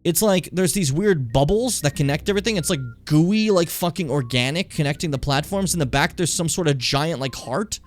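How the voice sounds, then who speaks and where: A man's voice: on the high side, a little fast, few pauses. A man streaming a game live, talking casually in a rambling, profane way while he plays.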